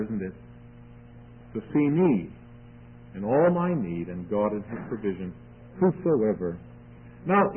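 Husky radio Bible teacher. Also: male voice, mid-range voice. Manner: expository, reading scripture then explaining it. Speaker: preacher. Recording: tinny phone-like radio broadcast.

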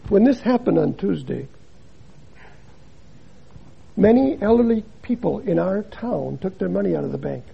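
Older man, gravelly voice, preaching, loud then hushed, muffled recording. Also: high voice, expressive, brisk. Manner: dramatic, swings between loud emphasis and hushed drops. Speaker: missionary preacher. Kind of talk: sermon.

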